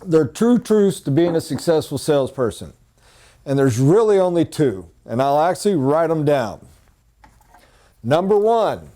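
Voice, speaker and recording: A man leading a sales training session, telling stories and dropping to a hushed, dramatic tone for emphasis. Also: fairly high pitch, big pitch swings, moderate pace.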